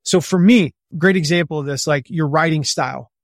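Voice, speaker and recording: A man in his forties with a fairly high voice, speaking as a podcast guest. He is gregarious and animated, a bit loud, and his talk is full of casual fillers. The sound is dry and close, with no room echo. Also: brisk. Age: 40s. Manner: conversational with many fillers. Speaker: guest author and business coach. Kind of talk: podcast interview.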